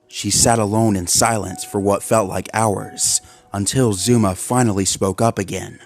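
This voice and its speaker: A man narrating a dark horror story in a measured way. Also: fairly low pitch, fairly even intonation, soft background music.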